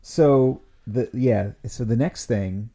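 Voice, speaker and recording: A middle-aged father hosting a casual family chat, relaxed and often chuckling. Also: medium pitch, takes it slowly. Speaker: host, father.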